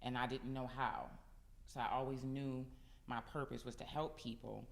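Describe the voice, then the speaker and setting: Earnest woman with a gravelly edge. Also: very deep voice, steady tone, moderate pace. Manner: earnest, reflective testimony. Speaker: podcast guest. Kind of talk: casual chat among women.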